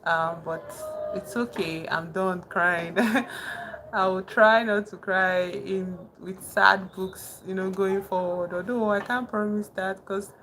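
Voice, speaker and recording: A young woman chatting casually with her live-stream chat, soft-spoken and calling herself very emotional. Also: mid-range voice, steady tone, takes it slowly, low-quality recording. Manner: soft-spoken, thanks chat warmly, says she is very emotional. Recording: noticeable background noise.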